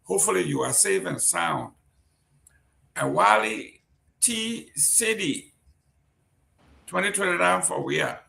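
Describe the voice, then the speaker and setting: A man's voice: high-pitched, expressive, slow, vocal fry, long pauses, sharp tone. A man from Liberia hosting a live-streamed talk show, chatty and joking as he reads out viewers' greetings. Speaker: host. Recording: roomy echo.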